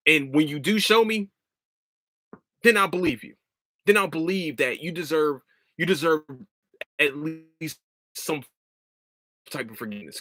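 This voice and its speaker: A man's voice: on the high side, moderate pace, pauses often, sharp tone, dry recording. A man hosting his own podcast, talking casually and swearing freely as he rants, then laughs it off, his voice starting to give out. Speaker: podcast host. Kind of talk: casual solo podcast monologue.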